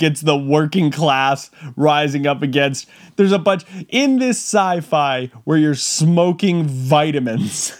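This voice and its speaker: A man giving a casual comedic monologue, rambling and laughing often with mock-outraged asides. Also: a little high.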